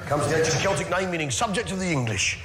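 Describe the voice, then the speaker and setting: A man's voice: a little high, expressive, rapid-fire. A man doing stand-up comedy in a big venue, brash and mocking, swearing often. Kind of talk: stand-up comedy in front of a crowd. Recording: roomy live show with loud crowd.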